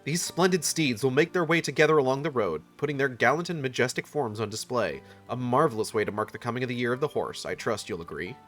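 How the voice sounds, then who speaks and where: A man's voice: medium pitch, animated, fast, hardly any pauses, fairly bright tone, faint music behind, natural voice. A man reading game dialogue aloud, voicing a courtly official who speaks in a formal, old-fashioned way. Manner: stately, archaic phrasing.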